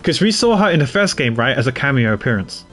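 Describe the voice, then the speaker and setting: A man's voice: mid-range voice, sing-song, fast, fairly bright tone. A man talks casually over his gameplay and laughs easily at himself. His voice moves up and down a lot as he talks. Faint music plays in the background. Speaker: streamer.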